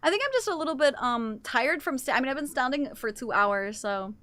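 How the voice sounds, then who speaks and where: A young adult woman streaming live, chatting casually with her chat. She teases and swears and reacts quickly to what chat says. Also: high voice, lively intonation, a bit bright, dry recording. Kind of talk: casual livestream chat, reading and answering chat.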